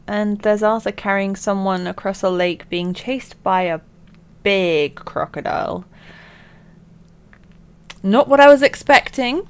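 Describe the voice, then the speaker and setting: A young woman hosting a let's-play, chatting casually as she plays and often laughing at her own mistakes. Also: on the low side. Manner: chatty, thinks aloud and laughs at herself. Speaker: gaming let's-play host. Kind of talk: casual game commentary.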